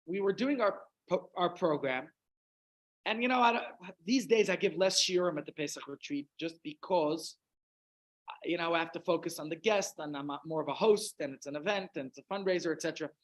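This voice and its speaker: A man's voice: high voice, fairly bright tone, poor audio. A man with a Russian accent, a rabbi telling a long humorous anecdote in a chatty, self-interrupting way. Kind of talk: anecdotal storytelling talk.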